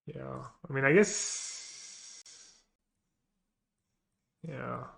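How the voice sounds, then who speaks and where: Male streamer, mid pitch, mutters his plays aloud and cracks jokes with chat. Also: extremely slow, gravelly. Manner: muttering, trailing off quietly; joking banter with chat. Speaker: streamer playing a card game. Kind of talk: thinking aloud while playing.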